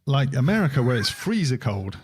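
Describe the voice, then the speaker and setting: A man's voice: mid-range voice, big pitch swings, fairly quick, a little mellow, breathy edge. Middle-aged English man chatting casually. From England. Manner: conversational, restarts and repeats words, steers topics. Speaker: podcast co-host. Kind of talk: casual chat.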